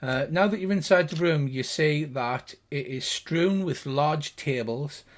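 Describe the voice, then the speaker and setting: An older man narrating as game master of a tabletop game, playful and animated. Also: unhurried. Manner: lively, plays gnome voices with big pitch jumps.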